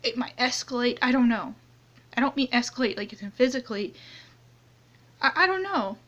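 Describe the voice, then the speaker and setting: Young woman crying on and off, high voice, keeps stopping and restarting, muffled phone audio. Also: lively intonation, a bit bright. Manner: halting, many restarts and trailing off. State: tearful, crying on and off. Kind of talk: anonymous confessional vlog. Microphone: phone camera close up, only a hand in frame.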